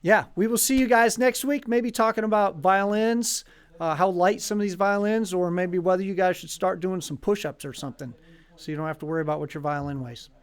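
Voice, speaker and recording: A man with a high, light voice hosts a casual live stream for a violin shop. He talks in a loose, joking way, with plenty of ums and likes. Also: a little fast, clear, resonant tone. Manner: chatty, joking, lots of fillers.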